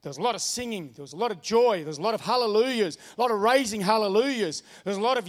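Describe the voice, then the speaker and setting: A man's voice: high voice, expressive, very fast, few pauses, big-room sound. A man preaching a sermon, telling a personal story in an earnest way and repeating his key phrases. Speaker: pastor.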